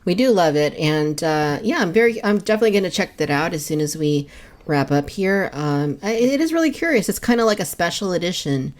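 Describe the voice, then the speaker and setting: A woman's voice: lowish voice, lively intonation, a little fast, darkish tone. A woman co-hosting a collectors' podcast, chatting in a friendly, laid-back way with light jokes. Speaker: podcast co-host. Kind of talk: casual chat.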